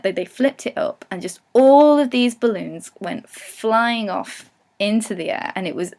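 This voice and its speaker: Young Englishwoman with a regional accent, a vlogger chatting candidly, quick to swear in mock rants. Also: medium pitch. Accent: English regional, non-RP. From England. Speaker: vlogger answering follower questions. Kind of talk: casual chat.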